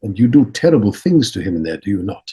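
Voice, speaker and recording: A man voicing a gentle, wise elderly monk who speaks slow, halting broken English in a calm teaching tone. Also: fairly low pitch, slightly rough, exaggerated voice.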